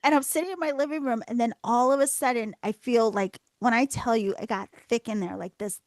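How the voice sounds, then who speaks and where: A woman's voice: fairly high pitch, a little fast, a little mellow, dry recording. A woman hosting a podcast, telling a story in a casual chat and acting out her own reactions. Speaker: podcast host.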